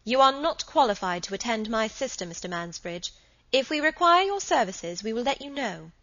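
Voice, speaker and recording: A woman voicing a composed, firm Edwardian woman who speaks crisply and resolutely in a storybook reading. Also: fairly high pitch, very animated, normal speed, bright, forceful tone, pitched above the performer's own voice, heavily acted. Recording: slightly dull recording.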